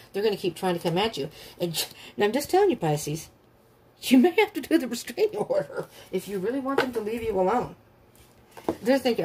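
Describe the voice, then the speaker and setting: A woman's voice: medium pitch, a little mellow, slightly rough. A woman giving a casual tarot reading, talking bluntly and animatedly, often laughing and acting out the people she describes. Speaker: tarot reader.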